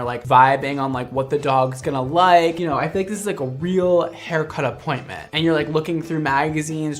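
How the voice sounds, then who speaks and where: A young woman gushing through a casual reaction commentary, excitable and full of fillers, swearing casually. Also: low voice. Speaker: reaction video creator.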